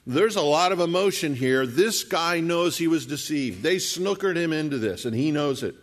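A man's voice: on the high side, expressive, normal speed. A man preaching a sermon, retelling a scripture story and acting out the characters' lines in his own voice. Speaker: pastor.

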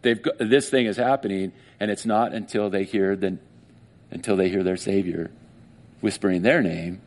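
A man's voice: low voice, normal speed. Emotional male pastor preaching. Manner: emotional, animated storytelling with acted-out voices. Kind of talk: sermon.

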